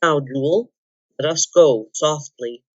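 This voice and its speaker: A courteous king speaks in grave, old-fashioned words, steady and commanding, as a woman reading a storybook puts him on. The voice sits low, and the recording is dry and slightly muffled. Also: slow, dry recording. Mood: hushed. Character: noble grown man, a king, courteous and commanding.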